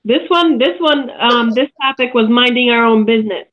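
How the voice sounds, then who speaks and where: A woman guesting on a casual podcast, speaking in a relaxed, dry way. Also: fairly high pitch, moderate pace, lo-fi sound.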